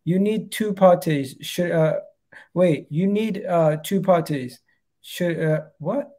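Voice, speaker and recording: A young man hosting a casual football chat, chatty and quick to laugh. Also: sits high, warm tone. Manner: chatty, laughs easily, breaks into impressions. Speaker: football channel host.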